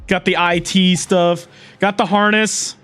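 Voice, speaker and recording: A livestreamer chatting casually to viewers, excitable and quick to laugh, swearing casually. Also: medium pitch, soft background music.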